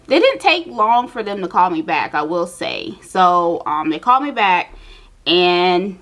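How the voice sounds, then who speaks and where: A young woman vlogger chatting casually to her viewers, telling a personal story while doing her makeup, animated and direct. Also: fairly low pitch, unhurried. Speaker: beauty vlogger.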